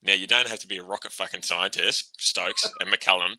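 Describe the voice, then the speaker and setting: A man's voice: sits low, fairly even intonation, brisk, sharp tone, slight background noise, low-quality recording. An Australian man and former player co-hosting a casual sports podcast, blunt and sweary, laughing often. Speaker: podcast co-host, ex-cricketer.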